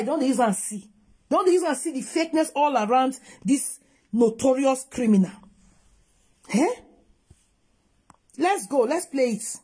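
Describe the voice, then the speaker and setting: Nigerian Pidgin-accented woman vlogger, higher husky voice, scolds hard while reacting to a clip. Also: mellow. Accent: Nigerian Pidgin English. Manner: scolding, emphatic, switching between English and Pidgin. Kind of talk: reaction commentary on a video.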